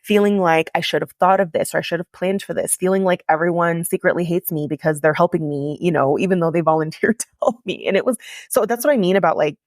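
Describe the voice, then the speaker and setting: On her podcast, a woman with a voice on the low side shares a personal story in a candid, confessional manner, leaning heavily on "like." It's recorded with studio quality and no room sound.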